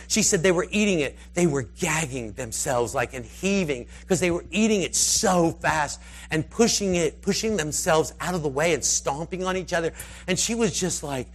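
A man with a fairly high voice preaches through a long anecdote, rambling and animated. His pitch swings widely as he acts out the people in the story. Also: moderate pace. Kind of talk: storytelling sermon.

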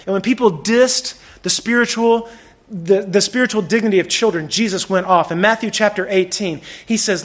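A pastor preaches a sermon in a lively, conversational way, swinging between loud bursts and hushed lines. His voice is high and moves at a moderate pace.

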